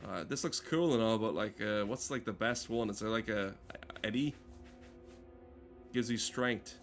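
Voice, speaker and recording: A man's voice: lowish voice, moderate pace, faint music behind. A man giving casual, joking commentary while playing a game, rambling and swearing often. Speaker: gaming streamer. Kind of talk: casual let's play commentary.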